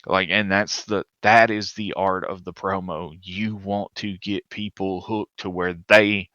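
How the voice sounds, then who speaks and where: Deep-voiced man with a bright, dry sound. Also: unhurried, no room sound, dull audio. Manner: animated, retells stories at length. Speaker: podcast co-host. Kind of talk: casual podcast chat.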